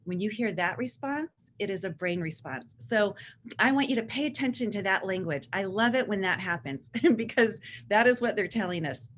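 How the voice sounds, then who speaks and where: A woman's voice: mid-range voice, lively intonation, moderate pace, slight background noise. A woman in her forties, a therapist, giving an enthusiastic presentation to parents and now and then acting out what kids say. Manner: warm, enthusiastic, acts out teen voices in quotes. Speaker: therapist and author giving a talk.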